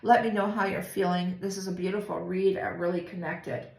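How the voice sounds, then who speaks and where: A woman tarot reader talking through a spiritual reading in a soft, meandering way, with many pauses and fillers. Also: on the low side, fairly even intonation, creaky, very noisy. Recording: roomy echo with faint ambience.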